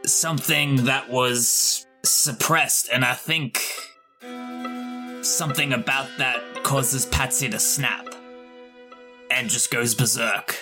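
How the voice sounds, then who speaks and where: A man's voice: mid-range voice, steady tone, slow. A man playing a tabletop game, reflectively narrating his character's inner thoughts. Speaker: player. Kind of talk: tabletop role-play. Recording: music clearly under the voice.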